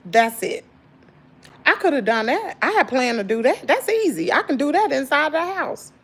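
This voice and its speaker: In a relaxed venting session with her viewers, a tired Southern channel host keeps a moderate pace. She is animated, bouncing from loud outbursts to low grumbles, and her folksy slang includes plenty of "y'all."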